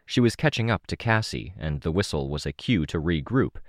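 Audiobook narrator, man, very deep voice, dry close sound, measured reading. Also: expressive, no room sound. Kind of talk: first-person audiobook narration.

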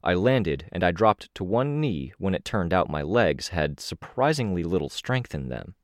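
A man narrating an audiobook in the first person, with a steady, measured delivery. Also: low voice, no room sound, clean studio sound.

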